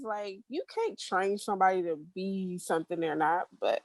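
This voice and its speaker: A woman in casual conversation, animated as she retells what her family said. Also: medium pitch, normal speed, few pauses, no echo, low-quality recording. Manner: animated, quotes family in voices. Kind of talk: casual chat.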